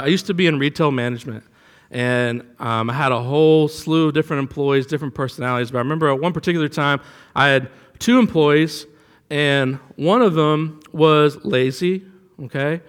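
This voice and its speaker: A man with a high voice preaches in a relaxed, storytelling way, leaning hard on key words. His voice rings out with a long hall reverb. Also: normal speed, smooth. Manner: conversational preaching with anecdotes, rising for emphasis. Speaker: pastor. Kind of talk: sermon.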